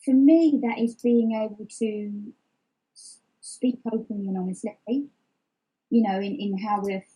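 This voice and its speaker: A woman's voice: mid-range voice, fairly even intonation, measured pace, warm tone, slightly rough, poor audio. A middle-aged woman speaking openly as an interview guest, reflective and candid, often restarting her sentences. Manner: reflective, open, many restarts and fillers. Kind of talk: open personal interview.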